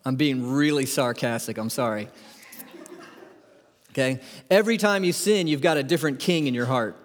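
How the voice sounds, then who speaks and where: Preacher with a lively, questioning delivery. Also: male voice, medium pitch, moderate pace, long pauses, long reverb tail. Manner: conversational, asks the congregation questions. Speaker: pastor. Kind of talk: sermon. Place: church sanctuary.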